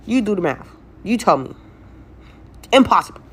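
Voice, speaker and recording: A woman's voice: medium pitch, very animated, moderate pace, husky. Young woman, stressed, blunt and profane, telling a story-time straight to her viewers. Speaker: vlogger telling a personal story.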